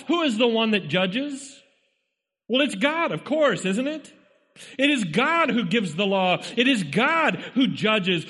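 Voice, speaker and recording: A man's voice: extremely high pitch, pushed and bright, long reverb tail. A man preaching a sermon, pressing his points with emphatic repetition and rhetorical questions to the congregation.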